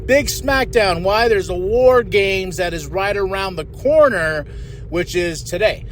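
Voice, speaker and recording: A man hosting a podcast, casually recapping a wrestling show with animated paraphrased quotes. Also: high voice, a little hiss or hum. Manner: animated, paraphrases wrestlers in quick put-on voices, chuckles. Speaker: podcast host.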